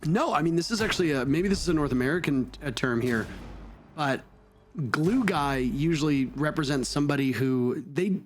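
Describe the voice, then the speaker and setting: A man's voice: on the high side, lively intonation, moderate pace, a little hiss or hum. Chatty male esports caster, rambling. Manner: chatty, rambling, self-correcting. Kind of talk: casual broadcast banter.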